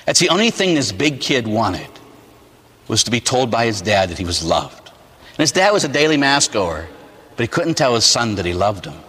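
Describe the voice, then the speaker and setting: A Catholic priest in his forties from Pittsburgh, preaching a sermon with animated storytelling and rhetorical "huh?" asides. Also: mid-range voice, normal speed, breathy edge, in a large hall. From Pittsburgh, USA. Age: 40s. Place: church.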